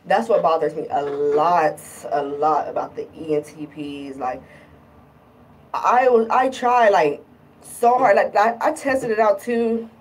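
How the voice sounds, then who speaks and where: Young female vlogger, husky, frank and exasperated, mic set back a bit. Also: lowish voice, measured pace, far from the mic, rough recording. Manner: frank, exasperated, quotes partner in mocking voices. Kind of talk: candid personal rant to camera.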